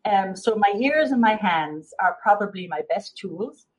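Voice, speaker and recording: A woman's voice: mid-range voice, expressive, measured pace, low-quality recording. Chatty Irish woman telling her story. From Ireland. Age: middle-aged. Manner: chatty storyteller, many fillers and restarts. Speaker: guest therapist. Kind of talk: casual interview chat.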